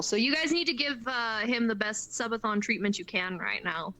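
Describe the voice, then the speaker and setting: A woman's voice: fairly high pitch, lively intonation, normal speed, pushed and bright, low-quality recording. A young Canadian woman as a guest on a streamed interview, chatting in an upbeat, earnest way and laughing often. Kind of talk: casual chat.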